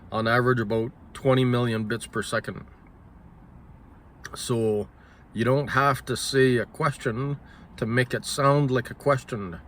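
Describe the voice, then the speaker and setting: A man musing aloud at a middling pitch, stopping to restart and correct himself. He clears his throat often, and faint noise hums behind him. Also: a bit bright. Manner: halting, thinks aloud with restarts and self-corrections. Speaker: solo talker. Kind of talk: casual spoken musing.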